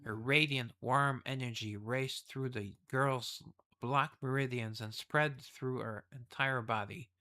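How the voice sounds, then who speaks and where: A man's voice: medium pitch, steady tone, slow, bright, forceful tone. A man casually reading a game's story aloud and rambling through asides and self-corrections. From the West. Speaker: game streamer reading the story.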